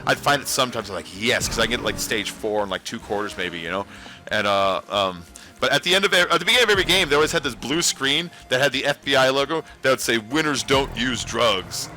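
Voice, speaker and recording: A man's voice: medium pitch, animated, fast, pushed and bright. A man hosting a casual livestream, rambling and talking back to his chat. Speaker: livestream host.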